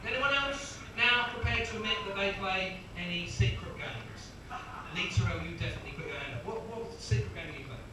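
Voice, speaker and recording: A man's voice: high voice, a little fast. A man in his thirties doing live stand-up with crowd work, chatty and self-mocking, often breaking into laughter. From England. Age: 30s. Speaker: stand-up comedian. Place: small comedy club, live audience. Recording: echoey room from far off, noisy.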